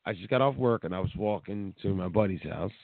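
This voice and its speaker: A man's voice: sits low, fairly quick, creaky, no echo. A man co-hosting a casual talk show, telling a rambling, profane story full of restarts. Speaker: co-host. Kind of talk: casual podcast chat. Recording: tinny phone-like sound.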